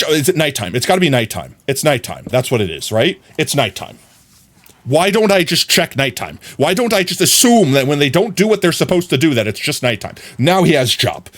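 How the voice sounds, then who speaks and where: A man's voice: on the high side, very animated, brisk, fairly bright tone. A man streaming a block-building game live, chatting to his viewers and scolding the characters on screen in a playful, teasing way. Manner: talks to game characters, mock scolding, jumps between mutters and outbursts. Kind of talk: casual gaming commentary.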